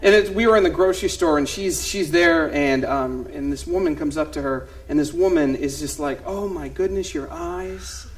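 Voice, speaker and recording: A man performing a one-man comedy show on stage, telling animated stories and acting out voices of his family. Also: a little high, fairly quick, few pauses. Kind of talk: stand-up storytelling. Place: theater stage before a live audience.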